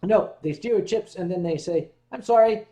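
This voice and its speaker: A man's voice: high-pitched, moderate pace, mellow, highs cut off. A man hosting a casual livestream, playful and teasing as he chats with his guest and reads viewer comments aloud. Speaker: stream host.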